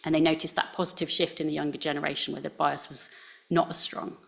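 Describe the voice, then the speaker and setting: A woman with a low, gravelly voice and a near received pronunciation English accent gives a presentation talk to scientists at a talk venue. She speaks at a quick pace in a level, fairly bright tone, conversationally and with frequent fillers.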